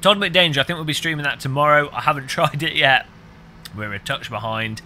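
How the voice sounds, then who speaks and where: A British man chatting casually with viewers on a game stream, rambling and cracking deadpan, absurd jokes. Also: fairly high pitch, brisk, slight background noise. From United Kingdom. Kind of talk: casual live-stream chat.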